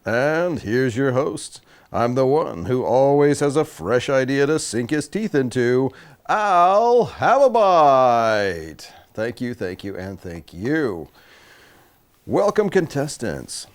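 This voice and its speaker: Swooping young game show host. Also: male voice, mid-range voice, big pitch swings, slow pace. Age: young adult. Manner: showy, swooping announcer delivery. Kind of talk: comedy game show hosting.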